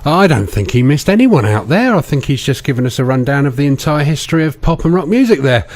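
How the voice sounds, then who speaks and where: A man's voice: on the high side, big pitch swings, fast talker, a little mellow. A man presenting a radio music show, linking songs in a chatty, playful way.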